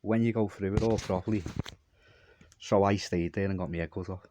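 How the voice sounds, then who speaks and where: A man's voice: deep voice, steady tone, fairly quick, mellow, slight background noise. A man telling a long, meandering story in a repetitive monologue. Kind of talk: rambling monologue.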